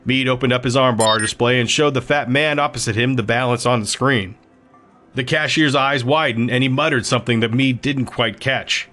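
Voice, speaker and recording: A man narrating a novel in a steady, even storytelling manner. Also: mid-range voice, moderate pace, faint music behind. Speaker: audiobook narrator. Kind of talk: scripted narration.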